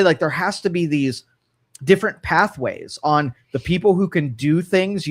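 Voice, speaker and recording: Man with ohio accent, slightly high voice, rambling opinionated radio talk, emphatic. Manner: rambling, emphatic, frequent restarts. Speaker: radio talk show co-host. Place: radio studio.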